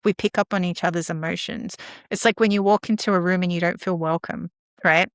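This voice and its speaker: A woman's voice: lowish voice, a little fast, no room sound, clean studio sound. A woman talking about caregiving in a conversational podcast, often acting out dialogue with children. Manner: animated, acts out dialogue with children. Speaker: guest speaker on caregiving.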